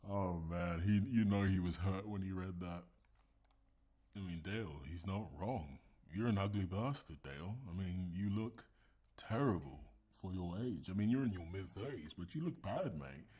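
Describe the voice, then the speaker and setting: A man's voice: low-pitched, lively intonation, normal speed, warm tone, husky. A man giving casual, sarcastic commentary and mocking the person on screen.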